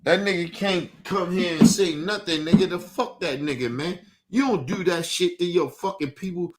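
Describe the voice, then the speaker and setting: A man's voice: high-pitched, lively intonation, normal speed, fairly bright tone. A young man on a livestream, ranting heatedly and profanely, repeating himself as he vents. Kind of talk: livestream rant.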